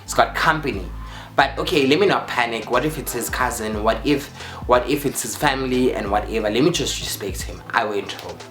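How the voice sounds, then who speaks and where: A man's voice: medium pitch, fairly quick. South African man telling a dramatic story. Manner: animated, dramatic storytelling with repeated phrases and voiced quotes. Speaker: vlogger. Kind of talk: storytime vlog. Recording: roomy echo with faint music.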